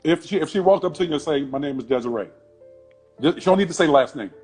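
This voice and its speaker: A man interviewing his guest, asking quick, probing questions and reacting often. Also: a little high, lively intonation, darkish tone, husky, faint music behind.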